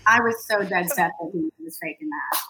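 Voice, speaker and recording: A woman telling a lively, self-deprecating story in a casual podcast chat. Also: on the low side, normal speed, a crowd in the background, poor audio. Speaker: sideline reporter guest.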